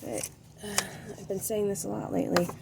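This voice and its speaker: A woman's voice: medium pitch, flat delivery, normal speed, vocal fry. A middle-aged woman vlogging as she paints, rambling and hesitant, trailing off, sounding tired. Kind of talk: casual rambling chat while painting. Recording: noisy background ambience.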